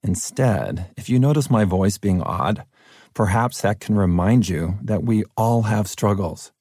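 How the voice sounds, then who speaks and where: A middle-aged man from California narrating his own audiobook in an earnest, personal way, his deep voice cracking at times. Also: expressive, unhurried, a little mellow, slightly rough, no room sound, clean studio sound. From Fresno, California. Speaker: author reading his own book.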